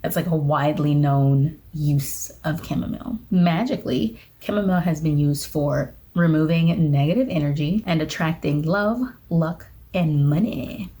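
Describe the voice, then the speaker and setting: A young woman chats casually to the camera for her vlog. Her voice is mellow and sits a little low, and she pokes fun at herself as she laughs off her own slips. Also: moderate pace, hardly any pauses. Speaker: witchcraft vlogger. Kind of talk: casual talking-head vlog.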